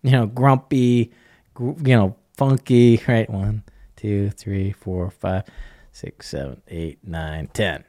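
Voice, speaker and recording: Speaking slowly in a low voice, a middle-aged man explains things in a rich, casual podcast chat, animated and chatty, acting out little bits of dialogue and chuckling often. The sound is close and dry, with no echo.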